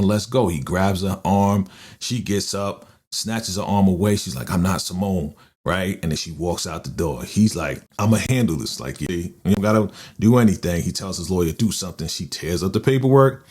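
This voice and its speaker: Deep-voiced man animatedly recapping a show. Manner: animated retelling, quoting characters with quick voice shifts and laughs. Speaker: TV recap host. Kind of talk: casual episode recap. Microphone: podcast microphone.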